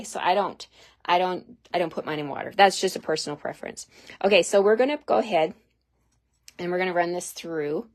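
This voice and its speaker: Chatty woman teaching a craft, lowish voice. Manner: chatty and explanatory, answers viewer questions. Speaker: craft demonstrator. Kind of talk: live card-making tutorial.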